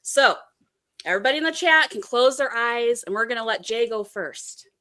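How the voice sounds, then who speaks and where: A woman's voice: a little high, lively intonation, brisk, bright, forceful tone. A woman co-hosting a podcast in casual chat, playful and teasing with her guests. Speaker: podcast co-host.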